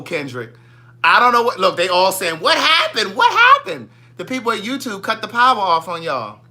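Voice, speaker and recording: A bright, sharp-edged male voice with a Southern US accent and a fairly high pitch. He swings his pitch widely, hosting a gossipy livestream chat and reading his viewers' comments out loud. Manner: gossipy, animated, reads viewer comments aloud. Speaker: livestream host.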